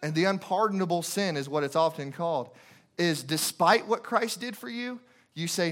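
A man preaches a sermon as a guest preacher in a church, impassioned and repetitive, firing off rhetorical questions. His voice sits high with a fairly bright tone, and he speaks at a moderate pace.

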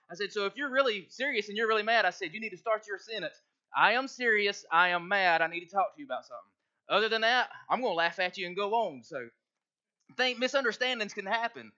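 A man's voice: high-pitched, sharp tone. A male pastor, preaching a folksy sermon and reading scripture aloud. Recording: muffled lo-fi recording.

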